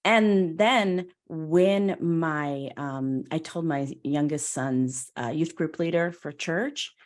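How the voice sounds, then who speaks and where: Low-voiced middle-aged woman host, chatty. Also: slow. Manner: warm, chatty, often laughs and acts out quoted voices. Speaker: podcast host. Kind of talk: casual conversational interview.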